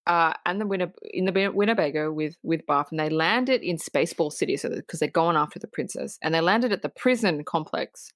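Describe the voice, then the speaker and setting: A woman's voice: sits low, a little fast, few pauses, dry recording, clean studio sound. A woman co-hosting a podcast, casually reviewing a film and eagerly retelling its scenes. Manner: animated retelling, acts out quoted lines. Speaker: podcast co-host.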